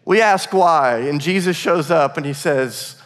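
A man's voice: fairly high pitch, unhurried, fairly bright tone, in a large hall. A male pastor preaching a sermon in a conversational, earnest way, often restarting his phrases.

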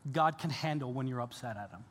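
A male pastor preaching a sermon, earnest and animated, with casual fillers and restarts. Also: mid-range voice, a little fast. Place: church sanctuary. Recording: church hall reverb.

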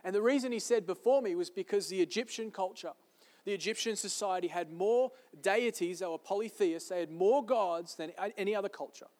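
Pastor, male, high-pitched and emphatic, preaching in a big reverberant hall. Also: brisk, darkish tone. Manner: emphatic, repeating key phrases. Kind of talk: sermon. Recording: long reverb of a large hall.

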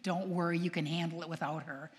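An older woman, a nun, telling stories to an audience in a lively way, acting out quoted voices and asking her listeners questions. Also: fairly low pitch, fairly quick. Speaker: nun and speaker. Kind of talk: storytelling talk to an audience. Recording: long hall reverb.

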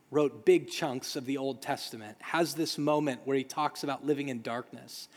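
A man's voice: mid-range voice, normal speed, hardly any pauses. Earnest preacher man, reverberant hall. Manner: earnest, emphatic repetition. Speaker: pastor. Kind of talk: sermon.

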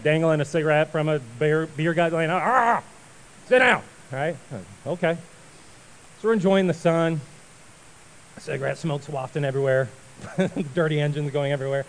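A male pastor giving a sermon, telling a story with lively acted-out voices before turning to prayer. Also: on the high side, low-quality recording. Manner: animated storyteller, acts out voices and shouts.

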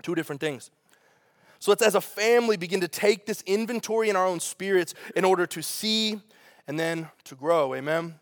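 A man, a pastor preaching a sermon with funny family stories and lively asides. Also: sits high, brisk, no room sound, studio quality. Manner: storytelling with humor, animated asides.

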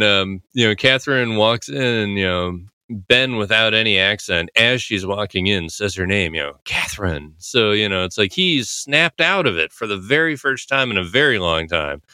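Low-voiced man rambling through commentary. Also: bright, forceful tone, clear, resonant tone, dry recording, studio quality. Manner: rambling, heavy "you know" fillers, laughs often. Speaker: podcast host analyzing a TV episode. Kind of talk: casual commentary.

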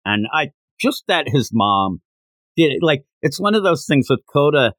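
A man talking casually on a podcast, his pitch swinging up and down as he gets excited about scenes. He often laughs mid-sentence. The sound is dry and close, with no room around it. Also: moderate pace, no room sound, low-quality recording. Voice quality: animated, laughs while retelling scenes. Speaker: podcast co-host. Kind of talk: casual manga discussion.

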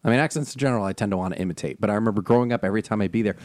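Man, casual co-host chat, low-ish pitch, quick animated delivery, frequent laughs, dry recording. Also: no room sound. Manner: animated, laughs often, fast talker. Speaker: podcast co-host. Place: Los Angeles area.

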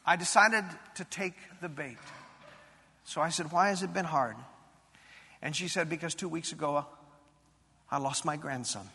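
A man's voice: a little high, normal speed, pauses often, sharp tone, breathy edge. A male pastor preaching a sermon, telling a personal story in an earnest, confessional way that builds to fervent emphasis, recorded in a church sanctuary. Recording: long reverb in a large hall.

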